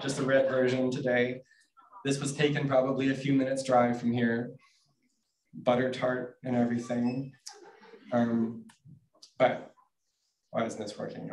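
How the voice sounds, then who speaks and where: A man, an author, reading his picture books aloud and chatting about them at a book event, in a dry, relaxed, low-key way. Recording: roomy, distant mic, faint noise.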